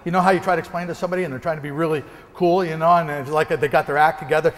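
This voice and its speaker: A motivational speaker from the American Northwest, a man, telling a lively story during a keynote and acting out gunshots. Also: fairly high pitch, racing, in a large hall. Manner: animated, acts out gunshots and quoted voices. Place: large hall before an audience.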